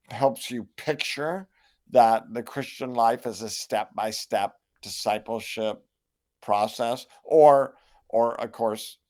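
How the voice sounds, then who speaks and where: Older man, measured and reflective scholar. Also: mid-range voice, darkish tone. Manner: measured, reflective, with many restarts and hedges. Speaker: New Testament scholar and Bible translator, guest. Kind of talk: thoughtful interview answers.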